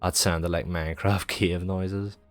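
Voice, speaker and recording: A man's voice: low-pitched, level tone, moderate pace, no echo, soft background music. A young man streaming, chatting in a loose, rambling way, swearing freely and filling every gap with "like". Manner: sweary, rambling, heavy use of filler "like". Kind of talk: casual rambling chat.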